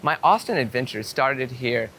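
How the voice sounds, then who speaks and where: A man telling a story to camera outdoors in a casual, excitable way, swearing and acting out what people said. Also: mid-range voice, normal speed, background noise. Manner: excitable, swearing storyteller with many "I'm like" quotes. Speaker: vlogger. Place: outdoors on a city street.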